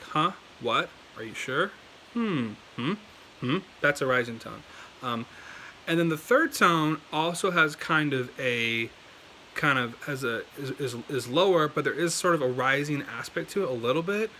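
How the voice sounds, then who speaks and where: A man's voice: mid-range voice, moderate pace, pushed and bright, slight background noise, rough recording. A young American man explaining language tones in a casual, rambling video lesson full of fillers and restarts. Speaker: language learning YouTuber.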